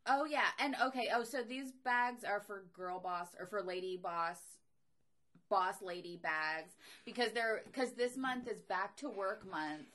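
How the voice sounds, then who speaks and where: A young woman in casual podcast conversation. She is opinionated and emphatic and leans hard into her complaints. Her voice sits at an ordinary middle pitch. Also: a little slow, fairly bright tone. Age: young adult. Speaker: comedian and podcast co-host. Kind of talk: casual chat.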